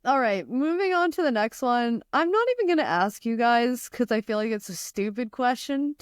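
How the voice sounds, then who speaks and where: A woman's voice: fairly high pitch, lively intonation, moderate pace, clear, resonant tone, no room sound, studio quality. An American woman hosting a casual podcast chat, teasing her co-hosts and laughing often. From United States. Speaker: podcast host.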